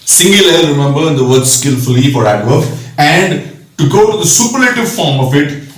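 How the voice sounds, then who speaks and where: A man's voice: a little high, expressive, moderate pace. A man teaching a recorded grammar lesson, patiently spelling out letters and checking in with "right?". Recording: echoey room, mic at a distance.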